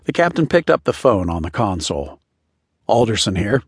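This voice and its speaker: A man narrating an audiobook in a steady, measured way, recorded close in a studio. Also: low-pitched, husky, dry recording. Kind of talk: scripted narration.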